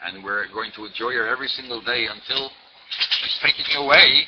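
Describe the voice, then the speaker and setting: A man in his sixties, a rabbi, tells a story in a sermon at a middle pitch. He repeats words again and again for emphasis. The recording is dull and lo-fi, with a faint hiss behind him. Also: normal speed.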